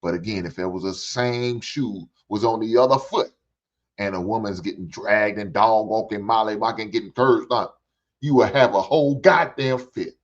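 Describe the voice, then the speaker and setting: An older man hosts a reaction show in a fairly low voice at a normal speed, delivering ranting commentary. He is blunt and heavily profane, preaching through repeated phrases. The recording sounds dull and lo-fi.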